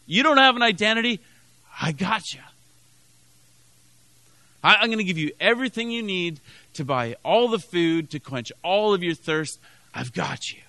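A man voicing a generous, caring male savior who speaks with warm, emphatic promises. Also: sits high, expressive, fairly quick, no room sound. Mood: promising.

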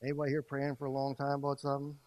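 A man preaching an earnest sermon, swinging between quiet, intimate passages and louder emphasis. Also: medium pitch, completely flat delivery, very fast, dry recording, poor audio. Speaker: pastor.

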